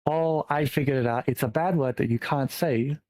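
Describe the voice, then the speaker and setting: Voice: mid-range voice, normal speed, a little mellow, dry recording. A guest on a stream chatting casually and easygoing with the host. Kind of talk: casual chat.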